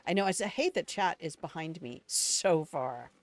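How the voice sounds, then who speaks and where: A woman's voice: deep voice, expressive, moderate pace, soft background music. Older woman chatting over her gameplay. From Alabama, United States. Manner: chatty, rambling storyteller talking to chat. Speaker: game streamer. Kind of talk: casual let's-play commentary.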